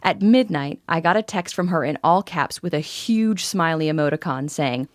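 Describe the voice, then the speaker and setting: A woman's voice: lowish voice, expressive, moderate pace, hardly any pauses, no room sound, studio quality. A woman in her forties narrating a scripted first-person sales story in an intimate, confiding way. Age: 40s.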